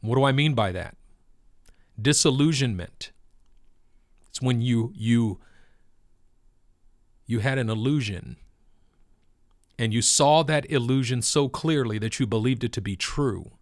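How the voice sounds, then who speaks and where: A man's voice: mid-range voice, unhurried, long pauses, no room sound, clean studio sound. A man giving casual commentary on the crypto market, with emphatic, preacher-like repetition.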